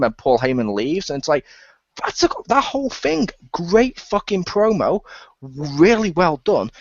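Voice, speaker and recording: A man's voice: fairly high pitch, dry recording, dull audio. A man on a podcast retelling a week of wrestling in casual chat, acting out the lines he quotes. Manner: animated retelling, quoting wrestlers in dialogue. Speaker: podcast co-host recapping wrestling.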